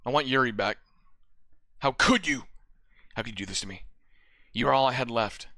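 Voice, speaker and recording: A man's voice: medium pitch, normal speed, no echo. Monika, a clingy schoolgirl, as a man reads her. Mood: heartbroken. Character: lovesick teenage girl, clingy club president. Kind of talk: reading game dialogue aloud. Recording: loud music behind.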